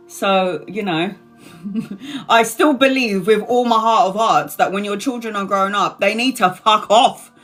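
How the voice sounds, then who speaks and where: A woman's voice: medium pitch, fairly bright tone. A woman in her forties chatting casually on a live stream, self-mocking, swearing and laughing often. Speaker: tarot reader live-streaming.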